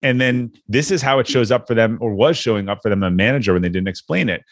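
A man's voice: fairly low pitch, quick pace, no room sound, clean studio sound. A man hosting an interview, talking earnestly and reflectively about his experiences with leaders. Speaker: podcast host. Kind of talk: casual interview chat.

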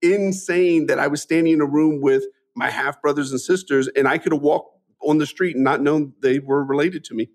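A man in his forties, a guest in an interview, telling his life story candidly with earnest, animated speech and frequent restarts. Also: fairly high pitch, moderate pace. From Midwestern US. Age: 40s.

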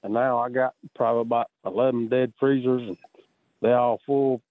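A male caller with a Southern US accent talks in a relaxed, folksy drawl. His voice comes through a tinny, dry phone line, and his pitch sits in the middle range. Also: moderate pace, no echo. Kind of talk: casual chat.

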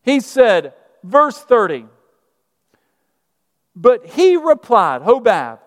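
High-voiced preacher in a hall. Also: male voice, very animated, extremely slow, pauses often. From Birmingham, Alabama. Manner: conversational, asks the congregation questions. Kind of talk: sermon. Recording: reverberant church hall.

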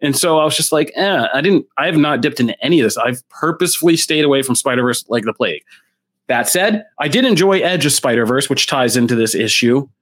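A man's voice: medium pitch, animated, a little fast, fairly bright tone. Blunt, opinionated male podcast co-host. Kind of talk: casual comics review chat.

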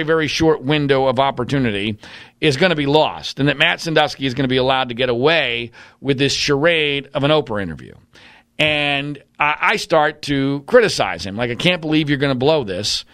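Man, blunt and combative, mid-pitched, dry close mic. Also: lively intonation, brisk, a bit bright, dry recording. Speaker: commentator. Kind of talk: opinionated monologue.

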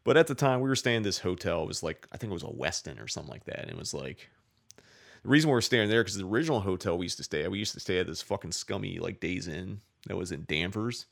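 Gravelly-voiced man telling a rambling story. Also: deep voice, lively intonation, quick pace. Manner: rambling, profane, many "like" fillers. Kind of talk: casual storytelling.

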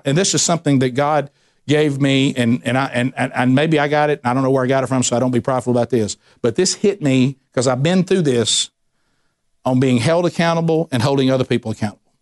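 A male pastor preaches in a lively, conversational style, restarting phrases and piling up repetitions as he builds toward a point. His voice climbs in pitch each time he leans into an emphasis, giving the sermon an animated, rising energy.

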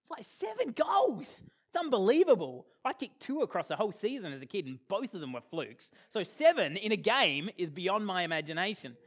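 An Australian man in his thirties speaks to an audience, his voice sitting high for a man. He tells stories with animated, self-deprecating humour and acts out the lines of the people in them. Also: fairly quick, few pauses. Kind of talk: storytelling talk to an audience.

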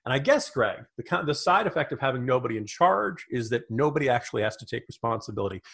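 A man co-hosting a political commentary podcast, talking in an emphatic, animated way. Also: mid-range voice, fast, vocal fry. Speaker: podcast co-host.

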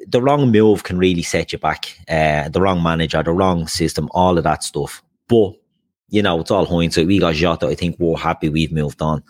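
A man hosting a casual football chat show, talking things through in a loose conversational way. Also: deep voice. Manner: conversational, hedging with fillers. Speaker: podcast host.

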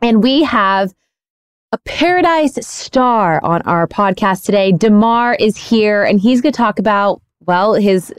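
A woman's voice: mid-range voice, measured pace, clear, resonant tone, no room sound, studio quality. Bubbly young woman hosting a podcast. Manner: bubbly, excitable, teasing. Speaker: podcast host. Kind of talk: casual podcast chat.

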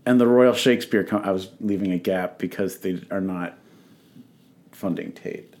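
A man's voice: low voice, normal speed, darkish tone. A man hosting a radio talk show, reading a press release aloud with jokes, slips and self-corrections. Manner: joking, self-correcting, laughs while reading. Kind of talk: casual on-air chat reading a press release.

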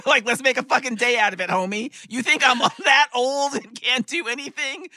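A woman's voice: on the high side, expressive, normal speed, bright, forceful tone, dry recording, clean studio sound. A woman co-hosting a podcast, chatting casually, laughing often and giving playful joking advice. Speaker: podcast co-host. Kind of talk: casual chat.

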